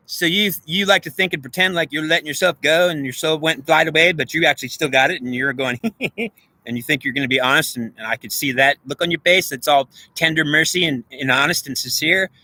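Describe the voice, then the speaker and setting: A man's voice: fairly high pitch, a little fast, pushed and bright, no room sound, full character voice. A man doing a scornful, blunt male politician. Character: blunt, defiant older male politician impression.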